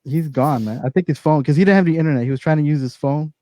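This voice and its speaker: A man's voice: on the high side, fast, dark tone, dry recording. A man hosting a casual online show, rambling, repeating himself and swearing freely. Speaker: show host. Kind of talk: casual chat.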